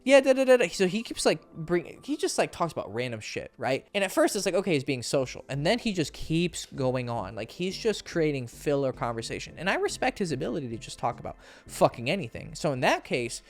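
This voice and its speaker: A man, a dating coach, giving direct-to-camera advice in a blunt, profane way, often checking in with "right?" and "okay?". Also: a little fast. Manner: animated, jumps up in pitch for emphasis.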